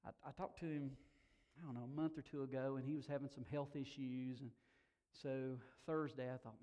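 With a mid-range, steady voice and a brisk pace, this middle-aged pastor preaches warmly. He tells personal stories, gets laughs, and rises to emphatic emotional swells.

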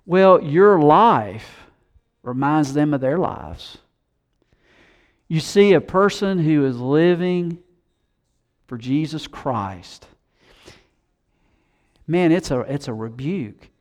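A man preaching a sermon, animated, who acts out the voices of scoffers he quotes. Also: on the high side, slow, pauses often. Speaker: pastor.

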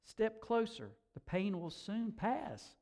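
A man voicing a gentle, wise stranger who brings fire, speaking calmly, slowly and invitingly in a read-aloud story. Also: sits high, vocal fry, pitched above the performer's own voice, exaggerated voice. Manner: calm, slow, inviting.

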